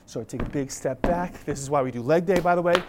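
A young male pastor delivers a sermon as an animated storyteller, acting out scenes with playful energy. He sounds a little out of breath as he talks. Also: on the high side, quick pace, noisy background.

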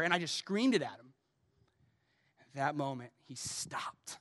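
A man's voice: fairly high pitch, animated, measured pace, long pauses, fairly bright tone, clean studio sound. A male pastor preaching a sermon, telling a personal story and building to impassioned urging. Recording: long hall reverb.

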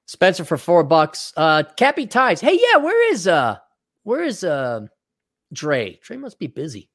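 A man with a somewhat high voice riffs bluntly and sarcastically while reading out viewer donations. He talks casually, close to the mic in a dry, deadened room. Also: big pitch swings, measured pace, fairly bright tone, dry recording. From Wisconsin. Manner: blunt, sarcastic, acts out mocking quotes. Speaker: podcast co-host.

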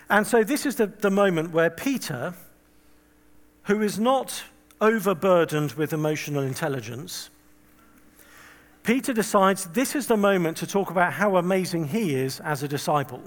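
A man's voice: high voice, animated, normal speed, long reverb tail. A man preaching a sermon in a conversational way, telling stories with humorous, self-deprecating asides and acting out quoted voices.

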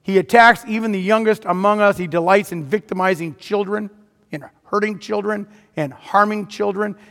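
A man's voice: high voice, normal speed, a bit bright. A man preaching a sermon, retelling a story dramatically and rising to emphatic peaks. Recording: long hall reverb.

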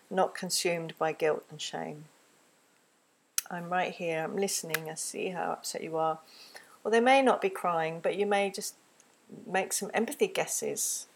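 A woman giving a gentle, earnest solo talk on parenting, recorded close to the microphone and slipping into a soft, soothing tone when she models what to say to a child. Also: mid-range voice, husky. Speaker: parenting teacher. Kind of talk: reflective spoken talk.

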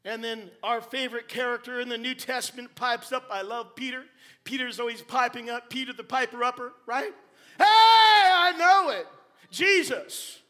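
A man preaching a sermon, swinging between quiet asides and shouted emphasis, with playful jokes and wordplay for the congregation. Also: extremely high pitch, level tone, fairly quick.

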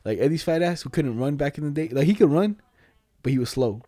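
A man in casual, profane chat, telling fast stories and acting out the people in them. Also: on the high side, lively intonation, mellow, dry recording, studio quality. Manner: fast, profane storytelling, mimics people he quotes.

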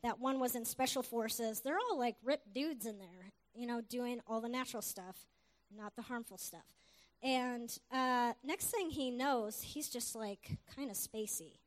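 A woman preaching with a high, bright-pitched voice. She tells stories with animation and rallies her congregation with calls of hallelujah. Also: unhurried. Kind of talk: sermon with storytelling.

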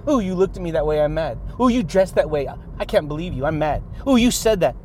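A sulky, easily offended person whines about every small slight, mimicked by a man in a mocking tone. The voice sits a little lower than usual. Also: expressive, fast, mellow, slight background noise, close to an everyday voice.

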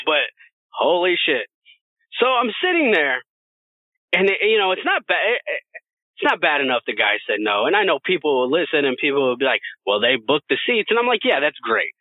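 A man's voice: on the high side, big pitch swings, moderate pace, dry recording. A man co-hosting a podcast, telling a story in casual, profane chat with frequent laughter. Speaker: podcast co-host. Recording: dry, phone-like narrow sound.

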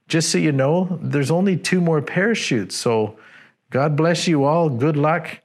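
Man voicing a panicked male pilot, hurried, blunt, raised and higher. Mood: frantic.

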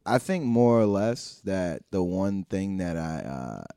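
A young man, a comedian, in relaxed podcast chat, talking loosely with many fillers and swearing. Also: sits low, takes it slowly, no room sound, clean studio sound. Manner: laid-back, filler-heavy, profane. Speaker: stand-up comedian.

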